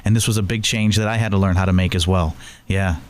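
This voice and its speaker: A man's voice: low voice, fairly even intonation, fast talker, clean tone. A man hosting an interview show, chatting earnestly and telling stories from his own life. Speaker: talk show host. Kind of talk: conversational interview.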